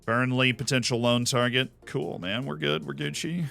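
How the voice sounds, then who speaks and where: Brief: male streamer, chatty and jokey, bright tone, faint guitar music behind. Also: medium pitch, moderate pace, gravelly. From Florida. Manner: chatty, enthusiastic, jokey asides. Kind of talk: casual gameplay commentary.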